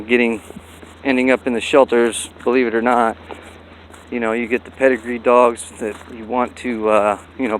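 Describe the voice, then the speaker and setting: Man, casual vlog, folksy and rambling, middle-pitched voice, faint traffic behind. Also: rough recording. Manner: rambling, folksy, many fillers. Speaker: dog breeder vlogger. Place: outdoors by a busy road.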